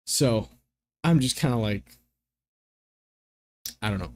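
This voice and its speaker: A man's voice: medium pitch, huge pitch swings, slow pace, long pauses, a little mellow. A young man in casual chat as a gaming streamer, rambling through exasperated rants full of filler words.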